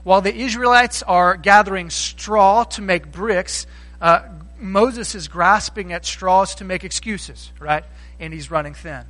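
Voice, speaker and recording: A man's voice: high-pitched, a bit bright, poor audio. A man preaching a sermon in a conversational way, acting out the voices he quotes. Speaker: pastor.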